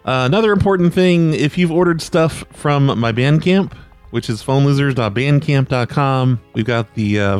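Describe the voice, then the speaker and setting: A man's voice: medium pitch, darkish tone, clean tone. A man hosting his own prank call show, talking loosely and with self-deprecation, often trailing off unsure. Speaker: podcast host and prank caller. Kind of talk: casual rambling monologue.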